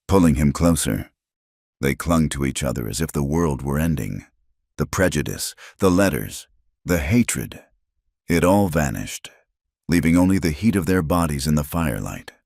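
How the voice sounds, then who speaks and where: Male audiobook narrator, very deep, steady measured delivery, dry close mic. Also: no echo.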